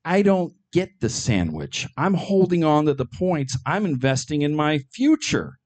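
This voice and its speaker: A middle-aged man doing a stand-up comedy set, delivering absurd jokes in a deadpan way with frequent ums and uhs. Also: fairly high pitch, a little slow.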